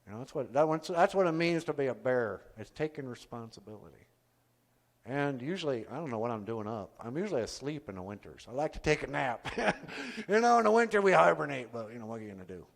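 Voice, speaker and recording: Man doing a laid-back bear puppet, rambling, lively pitch, stage reverb. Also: fast, creaky. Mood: easygoing.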